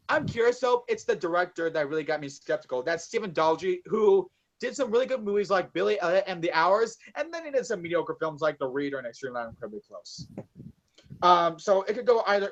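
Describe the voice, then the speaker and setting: A man's voice: a little high, lo-fi sound. A man co-hosting a casual podcast about movies, rambling with many fillers and swearing. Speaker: podcast co-host.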